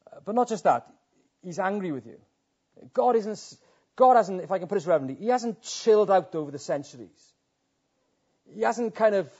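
A man's voice: a little high, darkish tone, breathy edge. A man preaching a sermon in an earnest manner, building to impassioned emphasis. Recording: dull lo-fi sound.

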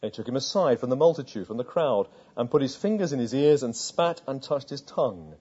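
Man preaching, mellow husky voice, asks the crowd lots of questions, dull lo-fi sound. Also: medium pitch, very animated, brisk. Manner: earnest storytelling with rhetorical questions, hushed at tender moments. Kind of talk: sermon.

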